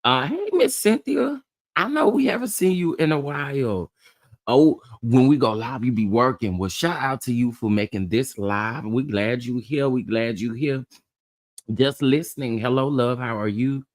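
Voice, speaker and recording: A man hosting a casual live stream, chatting with viewers, greeting them by name and laughing often in a sassy, animated way. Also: medium pitch, normal speed, no echo. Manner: sassy and chatty, calls people honey, child, baby. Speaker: livestream host.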